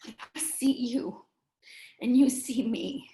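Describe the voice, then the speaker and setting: A woman's voice: a little high, fairly even intonation, music in the background. Earnest middle-aged woman, echoey room. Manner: earnest, emotional, halting with restarts. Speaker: interview guest. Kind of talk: candid conversation.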